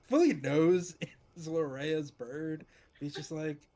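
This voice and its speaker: A man's voice: a little high, steady tone, takes it slowly, background noise. A man playing a tabletop role-playing game, speaking hesitantly with restarts and laughs. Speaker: player.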